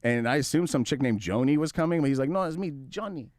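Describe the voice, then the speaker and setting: A man hosting a radio talk show, telling a long story in a casual, animated way, swearing freely and acting out both sides of the conversation. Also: on the high side, fast, no room sound, clean studio sound. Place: studio.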